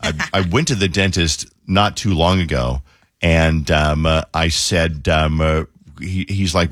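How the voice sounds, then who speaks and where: A man's voice: extremely low pitch, unhurried, a bit bright, dry recording, clean studio sound. A man hosting a radio talk show, chatting casually and joking, rambling with fillers and silly voices. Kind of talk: casual on-air chat.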